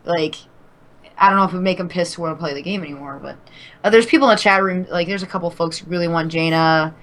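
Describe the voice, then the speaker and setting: Bright-voiced woman podcast co-host. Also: on the low side, quick pace. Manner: rambling, with fillers and restarts, swears casually. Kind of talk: casual podcast chat.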